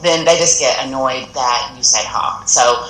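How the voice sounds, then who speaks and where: A woman's voice: extremely low pitch, normal speed, fairly bright tone, reverberant, rough recording. A woman appearing as a guest on a TV talk segment, explaining practical tips earnestly and often restarting her sentences. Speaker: audiologist guest. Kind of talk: TV interview advice.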